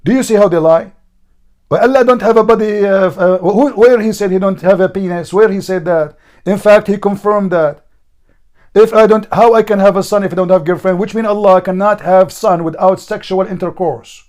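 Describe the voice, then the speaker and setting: A man with a high-pitched, hoarse voice hosts a heated online debate. He hammers the same question over and over and mocks the other side without letting up. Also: normal speed, a little mellow. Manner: insistent, mocking, repeats questions. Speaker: debate host.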